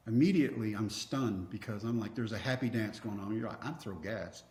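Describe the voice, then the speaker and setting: A man in his fifties from Texas, a podcast guest telling a story in an animated way, acting out dialogue with wry, self-mocking humor. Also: fairly low pitch, fairly quick. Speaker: podcast guest, former pitcher. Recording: roomy echo.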